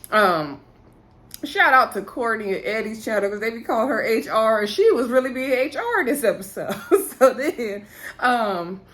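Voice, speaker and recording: A woman's voice: medium pitch, a bit bright. A young woman casually recapping a reality show, acting out the cast's lines and filling her talk with "like" and "um". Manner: chatty, frequent "like" and "um".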